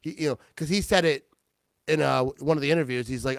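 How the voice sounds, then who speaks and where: A man hosting a casual sports talk show, excitable and quick to laugh, often restarting his sentences. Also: medium pitch, vocal fry, no room sound. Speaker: podcast host.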